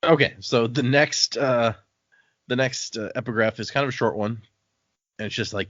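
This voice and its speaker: A man chats through the chapters of a fantasy novel with friends, slipping into quick impressions of the characters. His voice sits at a middling pitch. The recording is dry and a bit muffled, like a home podcast mic. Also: fairly even intonation, a bit bright, dry recording. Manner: recaps chapters, acts out character lines. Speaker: podcast co-host. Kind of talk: casual book-club chat.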